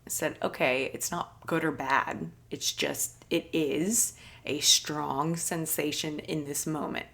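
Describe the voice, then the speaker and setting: A woman with a deep, fry-edged voice speaks as a podcast host, taking her time over each phrase. She talks in an earnest, gentle, reflective way, like a personal monologue, with a light laugh now and then. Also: fairly even intonation, takes it slowly. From United States. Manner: earnest, soft-spoken storytelling with light laughs.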